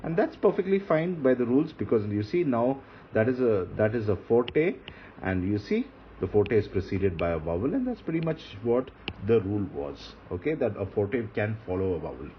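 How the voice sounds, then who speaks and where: A man's voice: fairly low pitch, sing-song, normal speed. A man teaching a grammar lesson, patiently repeating and spelling out points as he writes. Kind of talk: classroom lecture on grammar. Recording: dull lo-fi recording with faint hiss.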